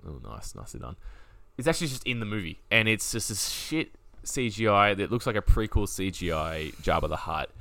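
A man co-hosting a podcast in casual chat, animated and joking, swearing freely. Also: lowish voice, brisk, creaky, no echo. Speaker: podcast co-host.

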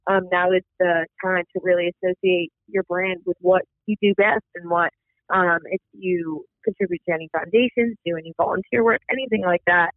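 A man with a high, gravelly voice comes through a tinny phone line as co-host. He reads out marketing points in a casual way, dotted with "um" fillers. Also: fairly even intonation, fairly quick, dry recording. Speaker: podcast co-host. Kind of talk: casual business chat.

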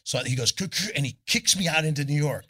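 Rock singer, husky man, animated storyteller, swears freely, does the voices. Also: fairly high pitch, quick pace. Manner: animated, swearing, acts out the people in his story. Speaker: guest musician. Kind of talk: live on-stage storytelling. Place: live club stage before an audience.

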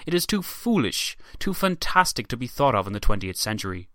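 A man's voice: medium pitch, sing-song, fairly quick, bright, forceful tone, no echo, studio quality. A man doing an impression of a grave elderly male statesman, delivering a declamatory speech. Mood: grave, oratorical. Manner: rolling, declamatory oratory.

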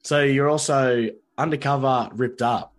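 A man hosting a casual interview, asking relaxed questions and giving short affirmations. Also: mid-range voice, measured pace. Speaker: podcast host.

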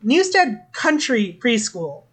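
Woman podcast co-host, slightly high voice, dry humor, reads news items aloud. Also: big pitch swings, takes it slowly, husky. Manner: dry, joking, fills with "um". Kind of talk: casual podcast chat and reading an article aloud.

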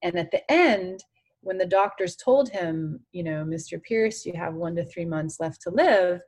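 A woman's voice: fairly low pitch, a little slow, a little mellow, husky. A woman in her forties, a guest on an interview podcast, speaking earnestly and from the heart with many "you know"s. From France. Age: 40s. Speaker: interview guest, former tennis champion.

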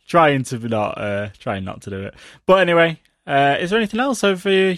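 A man hosting a casual pop culture podcast, chatty and quick to laugh, with lots of fillers. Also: a little high, sing-song, a bit bright, dry recording, clean studio sound. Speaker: podcast host.

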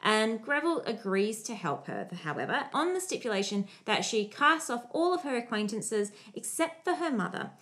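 A woman's voice: on the high side, sing-song, moderate pace, hardly any pauses, a bit bright. A woman hosting a podcast, telling a history story in a casual chat with playful asides. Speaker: podcast host.

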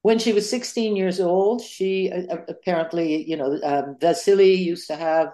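Older woman historian on a podcast, lowish voice, lots of uhs and restarts. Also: warm tone. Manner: halting, many fillers and restarts. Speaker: author and historian guest. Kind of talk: podcast interview.

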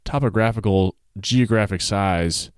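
A man with a smooth, resonant voice hosts a casual podcast chat, playful and quick to laugh. He is recorded close and dry, with almost no room sound. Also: lowish voice, no room sound. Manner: playful, laughs often, reads excerpts aloud. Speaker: podcast co-host presenting a segment.

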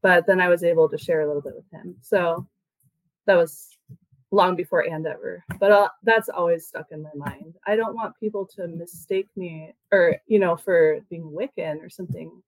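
In a casual interview, a woman who plays in a band chats loosely, scattering "like" and "you know" throughout. Her voice is lowish at a normal pace, and the recording is dry and rough.

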